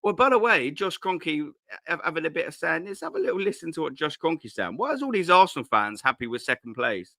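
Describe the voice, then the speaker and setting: A man's voice: on the high side, big pitch swings, brisk, sharp tone, no room sound, studio quality. A man hosting a casual live stream from home, rambling and swearing with lots of slang into a cheap desk mic at his laptop. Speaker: host.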